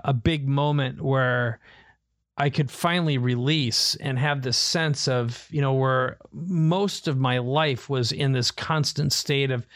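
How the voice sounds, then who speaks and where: A man's voice: mid-range voice, no echo. Man telling a story, dry close sound. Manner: animated storyteller, acts out quoted family voices. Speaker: podcast co-host. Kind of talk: casual storytelling.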